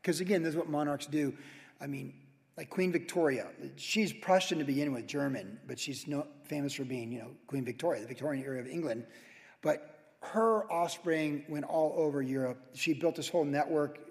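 A man teaches through scripture in a lively, conversational sermon and punches certain lines with sudden loud emphasis. His voice sits a little high. The sound rings with the long reverb of a church hall. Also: moderate pace. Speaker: pastor. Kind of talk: verse-by-verse sermon.

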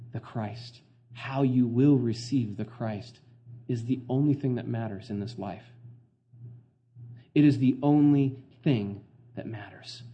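A man's voice: mid-range voice, mellow, muffled recording. A middle-aged man preaching a sermon as pastor, earnest and conversational, full of fillers and restarts.

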